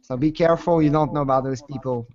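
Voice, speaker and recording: A man's voice: on the high side, steady tone, quick pace, a little mellow. A man hosting a casual group call chat, laughing often and apologizing a lot. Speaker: show host. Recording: lo-fi call audio.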